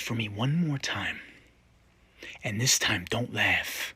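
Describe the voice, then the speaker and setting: A husky man delivers a mock-serious comic lecture with an intense, deadpan edge. His pitch swings widely as he drops into hushed whispers and then bursts out loudly. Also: slow pace. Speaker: comedy sketch creator.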